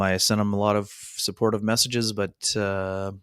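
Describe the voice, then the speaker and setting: Low, smooth man co-host. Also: flat delivery, a bit bright, no room sound, studio quality. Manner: measured, many fillers. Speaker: podcast co-host. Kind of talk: somber reflective chat.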